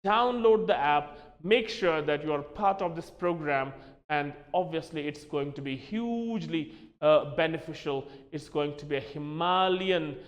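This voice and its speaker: A man's voice: fairly high pitch, unhurried, big-room sound, lo-fi sound. A man teaching a spoken English lesson, spelling words out letter by letter and calling his listeners "my dear friends". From Kashmir.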